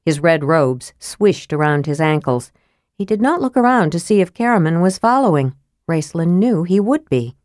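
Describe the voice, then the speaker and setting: Low-voiced woman narrating an audiobook. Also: very animated, moderate pace, a little mellow, no room sound, studio quality.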